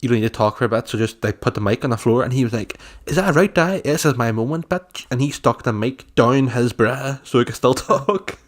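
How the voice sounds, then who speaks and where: A man's voice: mid-range voice, fairly even intonation, fairly quick, few pauses. Male podcast co-host, mid-range voice, jokey storyteller who laughs a lot. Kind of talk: casual chat.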